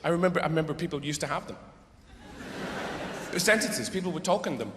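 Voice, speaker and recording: A man's voice: on the high side, lively intonation, fast talker. A middle-aged male stand-up comedian, rambling, profane and exasperated, performing live on a theatre stage. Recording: echoey hall with crowd noise.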